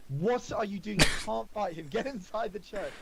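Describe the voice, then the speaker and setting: A desperate young nobleman yells warnings at his companions, as a man voices him. His voice pushes higher and louder than a calm speaking voice. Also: fairly quick, gravelly, very noisy, close to an everyday voice. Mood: urgent. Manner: shouting warnings.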